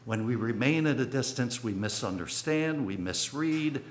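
A man's voice: medium pitch, animated, normal speed. A man in his sixties giving a sermon, telling a personal childhood story in a reflective way, with sudden bursts of emphasis. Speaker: preacher.

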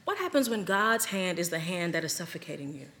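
A woman preaching a sermon, slow and deliberate, with dramatic pauses between phrases. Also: fairly low pitch, big pitch swings, fairly bright tone. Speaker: pastor.

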